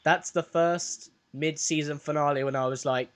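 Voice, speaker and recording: A man's voice: a little high, steady tone, normal speed. A man with an Australian accent hosting a casual podcast, chatty and laughing easily. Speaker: podcast host. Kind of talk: casual chat.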